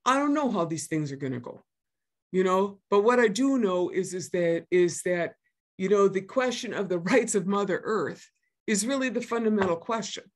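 A woman's voice: mid-range voice, expressive, moderate pace. Emphatic woman, sixties, speaking at a public session; earnest, restates her main points, many fillers. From northern Minnesota. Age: 60s. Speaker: guest speaker.

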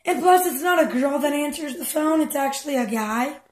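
A woman on a headset in online game chat, taunting and teasing other players in a loud, repetitive, excitable way. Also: sits high, moderate pace. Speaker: channel host trolling players in online chat.

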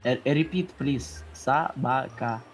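A man from Russia with a Russian accent, a native Russian speaker, swearing in game voice chat in halting, broken English. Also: mid-range voice, soft background music. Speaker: online game player.

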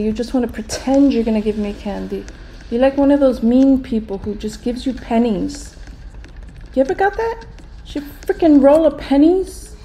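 A woman's voice: on the high side, mellow, slight background noise. An older woman hosting a gaming channel, grumbling through a game with grumpy, sarcastic commentary.

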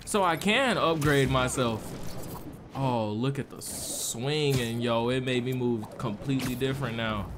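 A man giving casual let's-play commentary, excitable and full of slang, trash-talking enemies. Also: mid-range voice. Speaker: gaming streamer.

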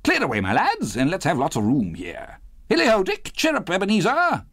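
A booming jolly old merchant. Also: male voice, wildly swooping pitch, brisk, a bit bright, full character voice. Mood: jovial. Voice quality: rich, jovial. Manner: hollering cheerfully. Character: jolly stout old merchant man, boisterous.

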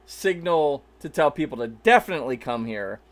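A man with a somewhat high voice runs a tabletop role-playing game. He explains the rules in a relaxed, conversational way and chuckles often between points. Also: normal speed. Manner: laughs easily, explains rules casually. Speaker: game master.

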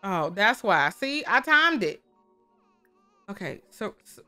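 A woman's voice: mid-range voice, sing-song, slow pace, pushed and bright, faint music behind. A woman giving casual, chatty commentary while playing a life-sim game, often talking to the characters on screen. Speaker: gaming creator. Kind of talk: casual let's-play commentary.

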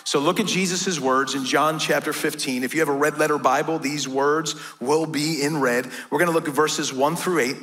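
Man, American pastor, church sermon, conversational, joking, voice a bit high. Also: fairly even intonation, moderate pace, hardly any pauses, fairly bright tone. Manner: conversational and joking, often asks "right?".

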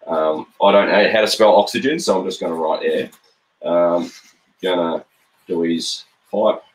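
An Australian man with a fairly low voice gives a jokey running commentary as he draws cartoons live. He is middle-aged, relaxed and full of ums, talking to his viewers like a friendly teacher. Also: measured pace. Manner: playful, jokey running commentary with frequent ums while drawing. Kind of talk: live-stream drawing chat.

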